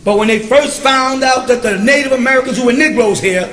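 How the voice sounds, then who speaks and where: A man's voice: very high voice, fairly quick, a bit bright, reverberant. A man teaching a recorded question-and-answer class, speaking emphatically and often checking that his listeners follow him.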